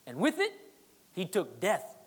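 Lively pastor preaching in an echoing hall. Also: medium pitch, unhurried, slightly rough. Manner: conversational, repetitive emphasis, teasing asides. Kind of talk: sermon. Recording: long reverb of a large hall.

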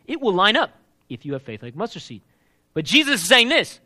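This male pastor, delivering a sermon live, speaks a little quickly in a high-sitting voice. He stays animated and emphatic, often turning to the congregation to check in.

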